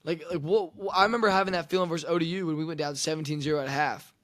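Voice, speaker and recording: A man's voice: fairly high pitch, steady tone, racing, a bit bright. A young man, a former quarterback, talking in casual sports chat, emphatic and profane, often repeating words as he builds up. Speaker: podcast co-host, former quarterback.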